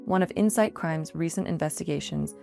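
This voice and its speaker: A woman reporter reading a written field investigation aloud in a measured, even scripted news narration. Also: low-pitched, vocal fry, soft background music.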